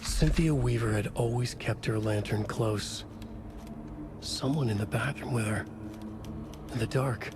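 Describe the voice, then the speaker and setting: An actor playing a brooding narrator in a horror video game, telling a dark scene with grave, deliberate delivery. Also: male voice, medium pitch, natural voice. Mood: ominous. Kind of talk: slow scripted narration. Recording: game audio under loud noise.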